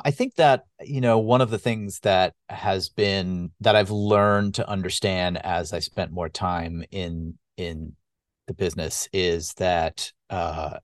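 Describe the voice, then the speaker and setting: A middle-aged man, a stage actor guesting on a podcast, talking thoughtfully in casual chat with hesitant pauses. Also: deep voice, dry recording, clean studio sound. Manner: thoughtful, warm, with hesitant fillers.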